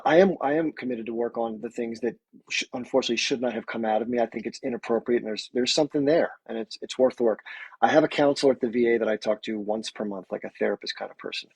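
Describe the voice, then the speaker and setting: A man from the United States hosting a livestream, talking fast and earnestly in a husky voice. The sound is dry and close, with no room around him. He speaks in a casual, conversational way to his viewers. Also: mid-range voice, a little mellow, no room sound, low-quality recording. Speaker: livestream host.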